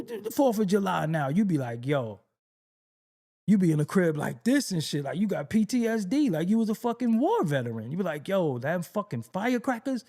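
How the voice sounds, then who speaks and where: A man's voice: a little high, gravelly, warm tone. A middle-aged man telling stories in a casual comedic monologue, acting out exasperated voices and laughing often. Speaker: rapper talking on camera.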